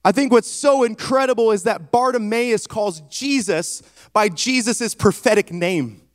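A man's voice: high-pitched, measured pace, no room sound, studio quality. A man preaching a sermon with emphasis, retelling a scripture story and calling out to his congregation.

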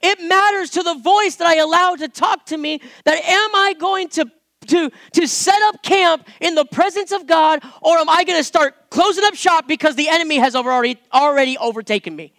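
Brisk and very high-voiced, a slightly bright-sounding pastor or Bible teacher, himself an adult parent, reads scripture and preaches casually. The dry, studio-quality recording catches his chatty, occasionally repetitive style as it rises to forceful points.

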